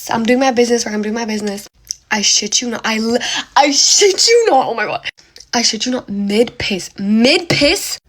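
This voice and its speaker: A woman's voice: fairly high pitch, a little fast. A young woman casually telling a dramatic, slangy ghost story to her phone, gasping and exaggerating as she goes. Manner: animated, dramatic retelling with gasps and slang.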